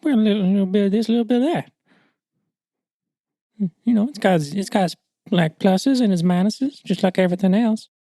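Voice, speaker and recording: A man's voice: high-pitched, a little fast, pauses often, dark tone, no room sound, studio quality. A man playing in a tabletop game, chatting casually in a playful, teasing way. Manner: playful, teasing, laughs easily. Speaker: player. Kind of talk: casual chat at the gaming table.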